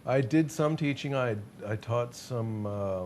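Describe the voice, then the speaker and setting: A man's voice: medium pitch, measured pace, darkish tone, a little hiss or hum. A man being interviewed as a musician guest, chatting casually in a rambling, self-deprecating way and laughing often.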